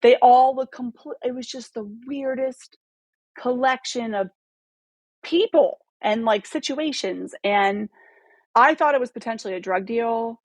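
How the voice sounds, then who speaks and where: A woman in her thirties, a podcast guest telling a long story in a casual, animated way, swearing freely and acting out the dialogue. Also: fairly high pitch, a little slow, no echo. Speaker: podcast guest, photographer and former model.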